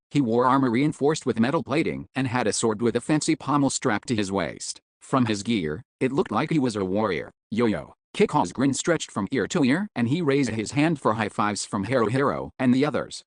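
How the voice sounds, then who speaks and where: Male audiobook narrator, expressive, wide pitch, close dry studio mic. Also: a little fast, hardly any pauses, no echo. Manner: expressive storytelling.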